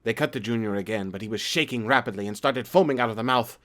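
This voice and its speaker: Guy reading a creepypasta out loud, plain storytelling voice, trips on words sometimes. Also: mid-range voice, fast talker. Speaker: creepypasta narrator. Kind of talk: reading a horror story aloud.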